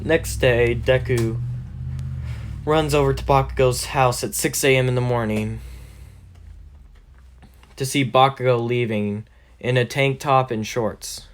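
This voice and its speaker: Man, casual fan-story narration, rambling, lots of fillers, corrects himself, medium pitch. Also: steady tone, measured pace, pauses often.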